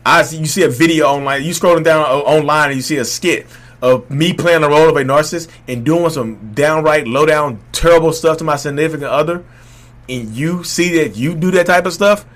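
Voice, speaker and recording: A man speaks in a candid, unscripted monologue. He rambles and restarts, and his voice climbs loud when he gets heated. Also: a little high, a little fast. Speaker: vlog host speaking on his own experience.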